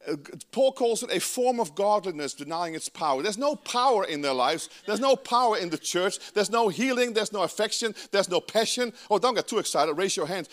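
A Dutch-accented man preaches a sermon in a lively, emphatic way. His voice sits high for a man and leaps up and down with every point. He talks straight to the congregation, breaking off into asides. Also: brisk, few pauses. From Netherlands. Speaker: pastor.

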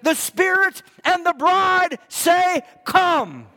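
A man preaching a fervent sermon in a church, repeating his lines and swinging from loud to hushed. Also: very high voice, expressive, extremely slow. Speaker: pastor. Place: church hall. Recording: long hall reverb.

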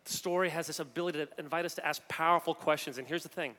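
A man, an executive coach, giving a joking, animated conference talk and addressing the audience directly. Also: fairly high pitch, fast talker. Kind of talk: energetic humorous stage talk. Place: large hall on a conference main stage. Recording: long hall reverb.

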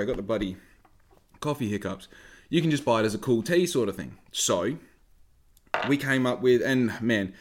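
A young man in casual chat, rambling and swearing often, at times flaring into loud rants. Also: mid-range voice. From Australia. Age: young adult. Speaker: vlogger.

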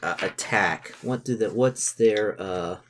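A young man narrating as game master in a tabletop game, halting and full of fillers. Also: on the low side, background noise. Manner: halting, many fillers and restarts.

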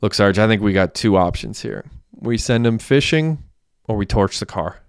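Hecky, a volatile young killer, read by a narrator. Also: male voice, fairly low pitch, lively intonation, moderate pace, clean tone, dry recording, studio quality. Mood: scheming. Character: volatile young man who killed someone, crying. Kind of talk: audiobook character voice.

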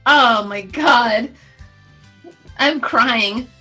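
A woman's voice: on the high side, drawn-out words, bright, forceful tone, breathy edge, faint music behind. A woman co-hosting a comedy podcast, chatting in a giggly, teasing way. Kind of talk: casual chat.

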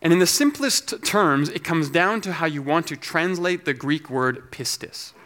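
A man preaching a teaching sermon, explaining scripture in a measured, scholarly way. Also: on the high side, expressive, a bit bright. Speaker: pastor.

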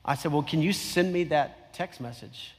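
A man's voice: fairly high pitch, normal speed, slightly rough. A middle-aged man preaching a sermon, telling a story in a conversational way with emphatic repetition. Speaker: pastor. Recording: long hall reverb.

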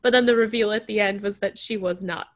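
Casual woman co-host, middle pitch, lively delivery. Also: fast talker. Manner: animated, acts out quotes in a raised voice. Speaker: podcast co-host. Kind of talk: casual chat.

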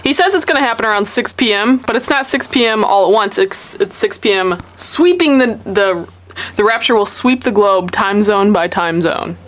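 A woman's voice: mid-range voice, lively intonation, moderate pace. A young woman co-hosting a radio show, chatty and playful in casual banter. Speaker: radio co-host.

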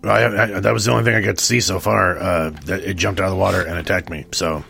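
A man's voice: deep voice, steady tone, fast, gravelly, sharp tone, breathy edge. A man playing a tabletop game, talking in a hesitant, stammering way. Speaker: player. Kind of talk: casual tabletop game play.

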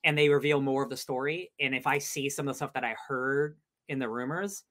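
A podcast co-host gushing about trailers in a bubbly, excitable way. The talk is loose and casual, packed with fillers. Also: mid-range voice, a little fast. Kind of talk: casual movie chat.

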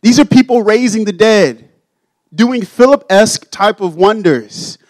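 A man's voice: high-pitched, lively intonation, a little slow, darkish tone, no echo, low-quality recording. A young adult male pastor preaching a sermon in a conversational way, acting out the Bible figures in casual everyday voices.

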